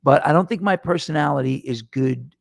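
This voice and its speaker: A middle-aged man hosts his own podcast as a casual solo monologue, addressing listeners in a rambling, self-deprecating way with many restarts. His slightly high voice is fairly quick with vocal fry, recorded at studio quality on a microphone in front of him with no room sound.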